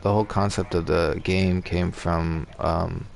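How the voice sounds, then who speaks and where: A man's voice: low-pitched, level tone, a little slow, creaky. A man streaming a game, chatting casually and rambling, with swearing and restarts. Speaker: gaming streamer. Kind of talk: casual gaming chat.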